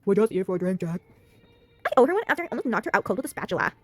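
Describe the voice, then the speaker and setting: A woman voicing a bold, sly young troublemaker in a story game, in a low, smirking voice. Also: sing-song, racing, dry recording, soft background music.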